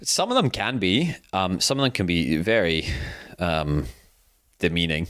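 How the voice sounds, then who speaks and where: A man's voice: low-pitched, very animated, unhurried, over loud music. A man hosting a podcast in casual chat, rambling into tangents and laughing often. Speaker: podcast host.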